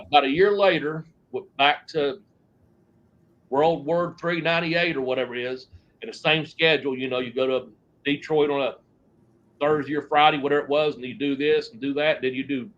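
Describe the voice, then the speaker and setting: The fairly high, fairly bright voice of a former wrestler comes through in lo-fi sound. He's telling stories in a long shoot interview, rambling, cursing, and trailing off into restarts.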